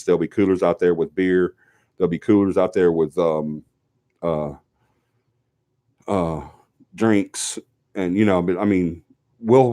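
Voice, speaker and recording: A man's voice: low voice, mellow. A man with a Southern US accent, sniffly with a cold, hosting a live show and giving rambling, chatty announcements while holding firm on the rules. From Alabama, US South. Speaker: host of a paranormal team's live show. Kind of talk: casual live-stream announcements.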